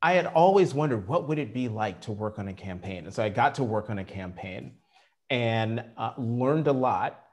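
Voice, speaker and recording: Man, middle-aged, journalist guest, lively storyteller, acts out quotes. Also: medium pitch, moderate pace. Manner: animated anecdotal storytelling, acting out quotes. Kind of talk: storytelling interview.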